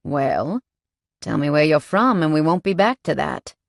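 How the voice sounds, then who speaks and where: A woman voicing a cocky, flirtatious male biker who teases with a slow drawl. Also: deep voice, big pitch swings, vocal fry, no echo, studio quality, exaggerated voice. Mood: teasing. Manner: teasing drawl, calls her sugar.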